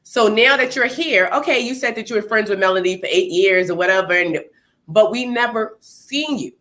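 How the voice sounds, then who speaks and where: A woman co-hosting a casual talk show at a middle pitch. She talks in an animated, opinionated way and drops into playful voices when she quotes people. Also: normal speed. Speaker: co-host. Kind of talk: casual chat.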